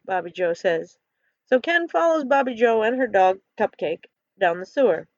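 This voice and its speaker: A woman reading her own story aloud in an earnest, expressive way. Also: mid-range voice, normal speed, dry recording. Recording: dull lo-fi recording.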